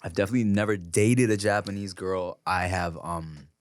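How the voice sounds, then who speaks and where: A man hosting a podcast, telling stories in casual chat, animated and profane, with plenty of fillers. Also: low voice, normal speed, no room sound, clean studio sound. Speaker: podcast host.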